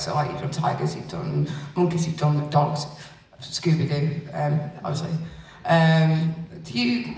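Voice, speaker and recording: A man's voice: fairly high pitch, vocal fry, a little mellow. A man from the audience asking a panel question, hesitant with lots of fillers. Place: convention auditorium. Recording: echoey hall, distant mic.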